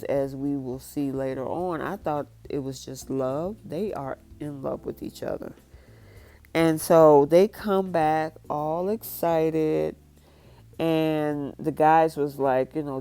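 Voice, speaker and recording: A woman with a low, mellow voice, chatting through a reality-show recap. She keeps acting out the cast's lines as she retells each scene. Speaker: recap vlogger. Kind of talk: casual recap and review.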